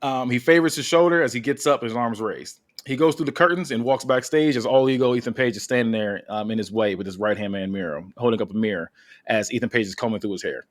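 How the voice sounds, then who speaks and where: A man's voice: mid-range voice, quick pace. A man hosting a podcast, casually reading out a wrestling story with many fillers. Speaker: podcast host.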